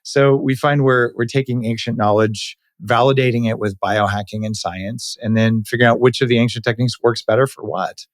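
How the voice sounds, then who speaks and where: A man hosting a podcast interview, talking in an animated, opinionated way with quick asides. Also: mid-range voice, no echo, clean studio sound. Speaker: podcast host. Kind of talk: casual interview chat.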